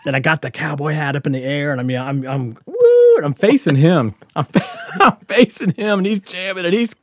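Animated, profane storytelling man. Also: on the high side, normal speed, no echo, studio quality. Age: 50s. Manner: animated, profane, laughing through a wild story. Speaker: podcast co-host. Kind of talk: casual storytelling chat.

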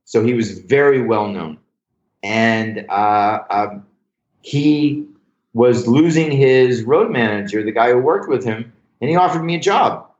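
A man, a comedian and joke writer, telling stories in casual talk, animated, acting out quotes and swearing freely. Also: mid-range voice, measured pace, reverberant, highs cut off. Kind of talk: casual storytelling interview.

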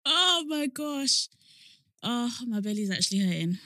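A woman's voice: a little high, sing-song, a little slow, bright, forceful tone, no echo, studio quality. A woman in a casual chat with a friend, laid-back and giggly.

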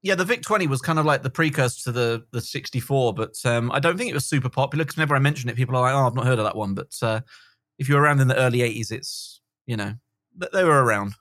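A man's voice: medium pitch, fast, no room sound. Laid-back middle-aged man, guest on a casual podcast, full of ums and ahs, close and dry. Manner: relaxed, many fillers.

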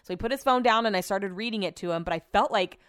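A woman's voice: medium pitch, fast, clean tone, no echo, studio quality. Chatty young woman telling stories. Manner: chatty, animated retelling of arguments, acts out quotes; swears casually. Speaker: vlogger. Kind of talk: casual storytelling monologue.

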